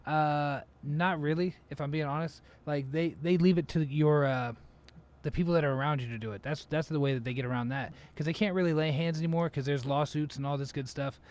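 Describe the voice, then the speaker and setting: A man's voice: on the high side, fairly even intonation, fairly quick, a little mellow. A man hosting a casual podcast chat, laid-back, with lots of fillers and swearing. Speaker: podcast host.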